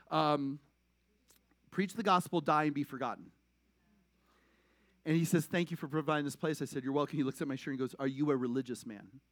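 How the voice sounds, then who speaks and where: A male pastor preaching a conversational sermon, animated, swinging between loud emphasis and quiet asides. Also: on the high side, dry recording.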